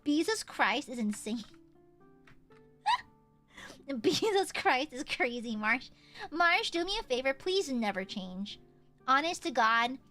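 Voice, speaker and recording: A woman's voice: high-pitched, a bit bright. A woman streaming a game live, chatting casually and playfully, with melodramatic outbursts and free swearing. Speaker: VTuber streamer. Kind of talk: casual live gameplay chat.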